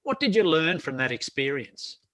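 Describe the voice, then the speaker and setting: A man's voice: a little high, very animated, normal speed, fairly bright tone. A man hosting an interview, asking questions with frequent hesitations and restarts. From Australia. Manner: hesitant, many fillers and restarts. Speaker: interviewer, podcast host.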